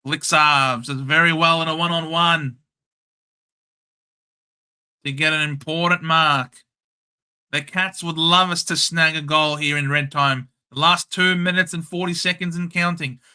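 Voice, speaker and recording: Calling a match in a casual live watchalong, a young Australian man fires off blunt, excitable remarks on every passage of play, switching between description and offhand takes like a seasoned host of his own show. He speaks a little slowly, his slightly high voice very bright, sharp, forward and tense, yet clear and resonant.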